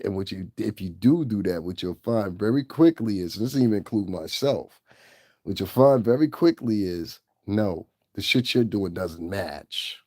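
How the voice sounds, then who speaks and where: A man hosting his own channel delivers a ranting livestream, with blunt, profane and scornful commentary. His voice is fairly low and mellow, recorded in studio quality with no room sound.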